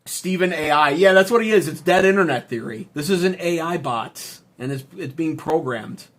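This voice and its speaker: A man's voice: fairly high pitch, animated, moderate pace, a bit bright. A man hosting a political livestream, reading chat and ranting in a profane, sarcastic, heated way. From United States. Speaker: political commentary streamer.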